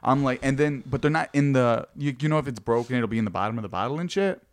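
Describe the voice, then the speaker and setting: Man, casual podcast chat, rambling, heavy swearing, mid-pitched. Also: fast. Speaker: podcast co-host.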